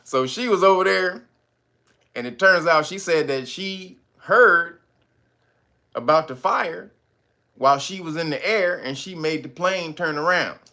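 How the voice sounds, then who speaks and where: A man's voice: on the high side, measured pace. A man in his thirties hosting casual commentary, profane and laughing as he talks. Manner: laughing, profane, animated storytelling. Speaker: host.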